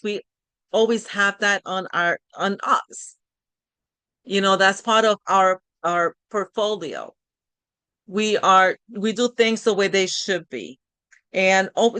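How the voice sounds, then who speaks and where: A woman's voice: mid-range voice, fairly bright tone, clear, resonant tone, dry recording. A middle-aged woman hosting a live coaching session, talking in a conversational, encouraging way with frequent restarts. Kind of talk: live online workshop talk.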